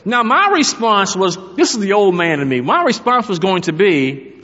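A man's voice: sits high, sing-song, moderate pace, few pauses, fairly bright tone. A middle-aged man, a pastor, preaching a sermon to his church and telling a humorous story from home. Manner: storytelling with humor, talks to the congregation. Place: church sanctuary. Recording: echoey hall, dull lo-fi sound.

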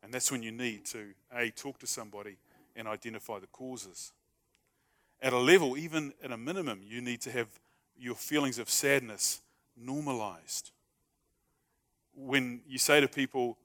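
A man's voice: mid-range voice, moderate pace, pushed and bright. A man preaching a sermon in a conversational, humorous way, acting out short everyday dialogues. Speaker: pastor.

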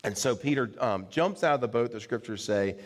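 A man's voice: mid-range voice, animated, a little fast, in a large hall. A man preaching a sermon, retelling a scripture story in a conversational, plain-spoken way with casual fillers. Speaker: pastor.

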